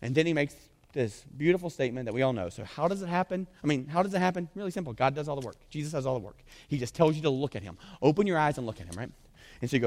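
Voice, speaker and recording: Fast-talking pastor preaching in a hall. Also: male voice, medium pitch. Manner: animated storytelling with frequent "right?" asides. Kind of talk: sermon.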